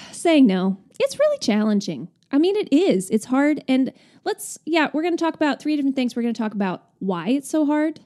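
A woman co-hosting a casual advice podcast, chatty and expressive, working through a topic with her co-host. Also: high voice, normal speed. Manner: chatty and expressive, with laughs and sighs.

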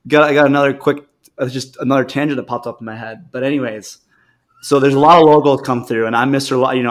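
A man's voice: medium pitch, steady tone, fast talker. Rambling storytelling man, casual chat. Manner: rambling storyteller, acts out quoted people. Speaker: podcast co-host.

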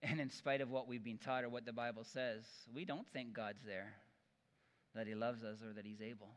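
A man preaching a sermon, telling stories and acting out the quoted voices with lively energy. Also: mid-range voice, moderate pace, in a large hall. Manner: animated storytelling with acted-out quotes.

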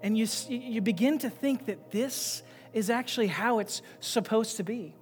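A male pastor preaching a sermon, swinging between loud, emphatic passages and quiet, low asides. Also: normal speed. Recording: long reverb with faint music behind.

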